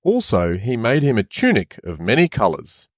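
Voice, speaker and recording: Man, mid pitch, very lively intonation, dry close sound; casual reader who stops to comment. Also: moderate pace, no echo. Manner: chatty, stops often to comment. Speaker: podcast co-host and reader. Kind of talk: casual chat reading scripture aloud.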